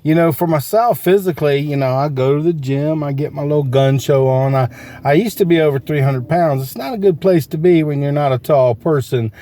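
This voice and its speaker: A man's voice: a little high, fairly quick, dark tone. A man giving a casual, folksy motivational talk about selling from inside his parked car, asking his listeners question after question. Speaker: sales coach vlogger.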